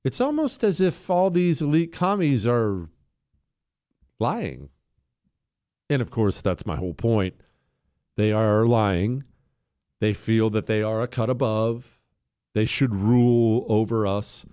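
A man's voice: takes it slowly, pauses often, smooth. Sarcastic, combative male talk radio host. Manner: lively pitch swings, stressing words. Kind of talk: opinionated political talk radio monologue.

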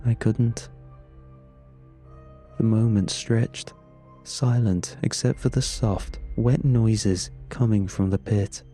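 A man tells a first-person horror story in a slow, measured, grim way. His voice sits low and dark, with faint music underneath. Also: fairly even intonation. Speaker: narrator.

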